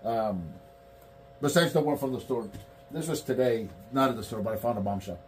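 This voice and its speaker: A man's voice: medium pitch, a little fast, a little hiss or hum. A man in casual chat about toy collecting, telling stories and acting out quotes. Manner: animated storyteller, acts out quotes.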